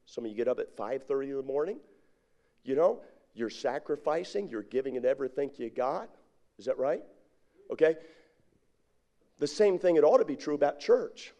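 Animated middle-aged preacher. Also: male voice, mid-range voice, moderate pace, pauses often. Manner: animated call-and-response preaching. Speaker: pastor. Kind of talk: sermon.

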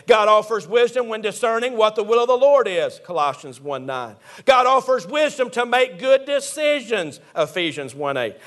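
High-voiced fervent preacher man. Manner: fervent, rising to shouts on key points. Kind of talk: sermon.

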